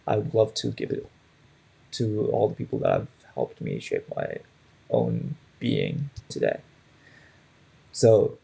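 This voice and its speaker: A man's voice: fairly low pitch, creaky, mellow, breathy edge. A young man in his twenties teaching a public speaking class in a conversational way, often checking in with "right?". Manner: conversational, frequent "right?" tags.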